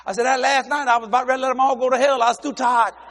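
An older man preaching a sermon, telling joking stories with exuberant bursts of shouting. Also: very high voice, steady tone, racing.

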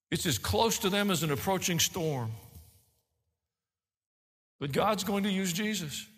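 A man preaching a sermon as pastor, animated, rising and falling as he teaches. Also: sits high, in a large hall.

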